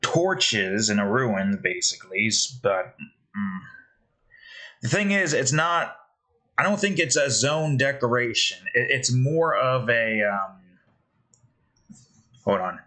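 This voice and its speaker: A man's voice: medium pitch, expressive, slow, pauses often, sharp tone, poor audio. A man, a game developer, thinking aloud as he builds, muttering hesitantly and questioning himself.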